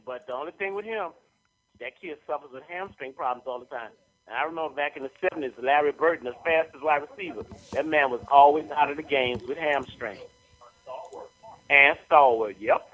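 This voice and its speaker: A man's voice: fairly high pitch, fairly quick, fairly bright tone, lo-fi sound. A man hosting a sports talk radio show, emphatic and opinionated.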